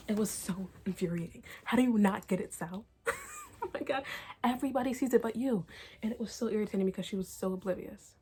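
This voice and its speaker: A young woman giving a casual, exasperated book review at home, talking fast with many fillers and laughs. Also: medium pitch, a little mellow, slight background noise.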